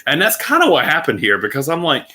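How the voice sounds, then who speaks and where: A man casually telling a personal story to the camera as a vlogger, animated and full of fillers. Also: on the high side, quick pace.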